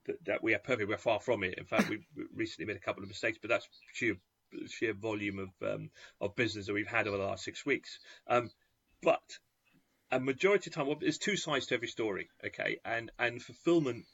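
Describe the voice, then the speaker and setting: A man's voice: on the low side, gravelly, pushed and bright, breathy edge, no echo, muffled recording. A man, a game retailer and fulfilment company owner, chatting in a podcast interview, full of restarts and repeated words and acting out bits of dialogue.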